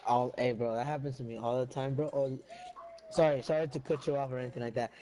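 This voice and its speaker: A man's voice: medium pitch, fairly even intonation, fast talker, dark tone, poor audio. A man in a casual gaming chat, laid-back and hedging, tacking "bro" onto his sentences. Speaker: gamer chatting with friends.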